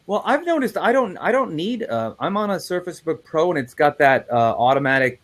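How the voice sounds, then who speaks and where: A man hosting a livestream, rambling through animated stories in casual chat. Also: a little high, brisk. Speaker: livestream host.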